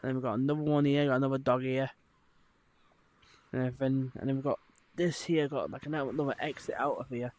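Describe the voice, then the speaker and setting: A man's voice: medium pitch, fairly even intonation, quick pace, a little mellow. A man chatting casually to his viewers while exploring in a VR headset, rambling with lots of fillers. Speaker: streamer. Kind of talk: casual live-stream chat.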